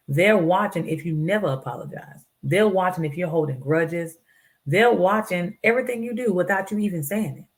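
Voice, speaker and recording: A woman hosting her own show, giving earnest, preachy life advice and acting out the voices of people she quotes. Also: sits low. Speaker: show host. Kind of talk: motivational talk.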